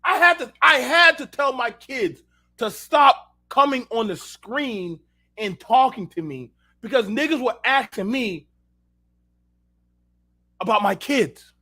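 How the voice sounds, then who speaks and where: A man's voice: very high voice, lively intonation, slow, sharp tone. A man hosting an unfiltered talk show, telling heated, profanity-laced stories and speaking directly to his listeners. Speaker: show host. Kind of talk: unfiltered casual rant.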